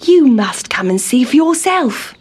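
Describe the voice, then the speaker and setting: A woman's voice: sits high, big pitch swings, a little slow, a little mellow, slightly rough, exaggerated voice. A woman voicing a fussy male town mouse in a storybook, complaining in a raised, whiny voice. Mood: coaxing.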